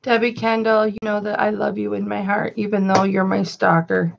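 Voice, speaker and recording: A woman's voice: mid-range voice, level tone, moderate pace, vocal fry, lo-fi sound. A woman hosting a chatty livestream, greeting viewers by name and calling herself Mama. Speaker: live-stream host and reseller.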